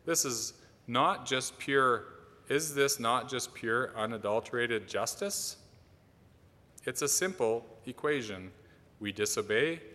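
A man delivering a sermon, his bright, ringing voice pressing hard on key words as it builds. The sound carries a long reverb, as if from inside a church. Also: mid-range voice. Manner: earnest preaching with rising emphasis on key words. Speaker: minister.

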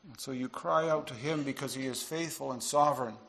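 A man preaching a sermon to his congregation, earnest, dropping to quiet asides and rising into emphatic passages. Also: mid-range voice, fairly quick, gravelly. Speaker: pastor.

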